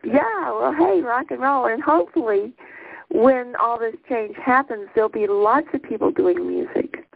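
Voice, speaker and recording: Encouraging woman on a tinny phone line, higher voice, guiding a group breathing exercise. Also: expressive, normal speed, gravelly, slightly rough, no echo. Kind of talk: spiritual call-in chat.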